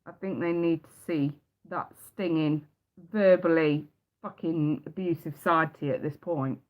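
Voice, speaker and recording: Her voice sits low and her intonation is fairly even as she reads tarot live at an unhurried pace. She is blunt and emphatic, curses freely and repeats her points, heard through dull lo-fi sound.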